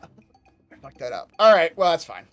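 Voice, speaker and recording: A man with a high voice plays a tabletop game, thinking out loud in halting phrases and laughing often. Soft music runs underneath. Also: big pitch swings. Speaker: player. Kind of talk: casual tabletop game play.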